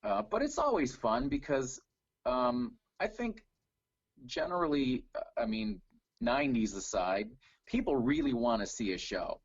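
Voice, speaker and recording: Man, middle-aged, from Canada, husky voice, dry dull lo-fi sound, easygoing storyteller. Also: mid-range voice, measured pace, no echo. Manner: relaxed storytelling with fillers. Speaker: guest, tribute singer. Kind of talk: casual video call interview.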